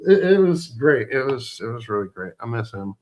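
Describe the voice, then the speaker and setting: A man's voice: mid-range voice, big pitch swings. A man in casual chat who reminisces fondly and often restarts his sentences. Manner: halting, fond reminiscing with many restarts.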